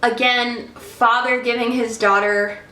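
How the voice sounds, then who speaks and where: Slow, effusive woman vlogger, echoey room. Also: fairly high pitch, level tone, pushed and bright. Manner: effusive, emotional, chatty. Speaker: book vlogger. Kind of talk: casual book review vlog.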